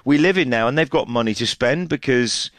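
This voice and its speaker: A man's voice: mid-range voice, brisk, no room sound, clean studio sound. A man talking through last night's football results as a reporter, chatty and full of fillers and restarts. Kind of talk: casual match analysis on radio.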